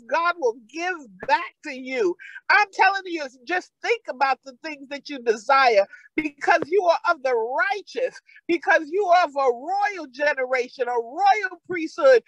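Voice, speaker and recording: A woman's voice: very high voice, fairly bright tone, dry recording, rough recording. A woman pastor with a New York accent, preaching a sermon with fervent, repeated calls.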